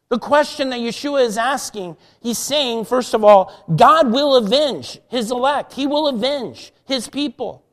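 A man preaching a sermon, repeating key phrases slowly and with emphasis, rising at times to near-shouted prayer. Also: high voice. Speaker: pastor. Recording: long reverb of a hall.

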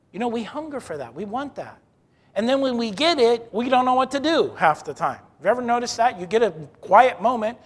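A man preaching a sermon in an earnest way, drawing out key words slowly. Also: sits high, long reverb tail. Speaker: pastor.

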